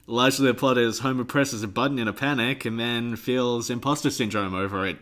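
A man co-hosting a podcast in casual chat, playful and quick to laugh. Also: mid-range voice, fairly even intonation, fairly bright tone. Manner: chatty, laughs often, playful impressions. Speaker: podcast co-host.

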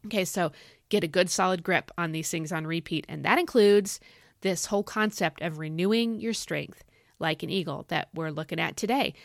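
A woman's voice: medium pitch, dry recording. Woman, middle-aged, bubbly bible podcast host, dry close sound. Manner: animated, excitable, folksy with y'all. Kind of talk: enthusiastic Bible teaching podcast.

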